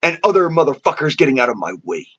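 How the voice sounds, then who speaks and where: A man's voice: fairly high pitch, very animated, fast, a bit bright. Defiant man ranting, heavy swearing. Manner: defiant, swears heavily, boastful. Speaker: vlogger. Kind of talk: profane angry rant. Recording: dull lo-fi audio.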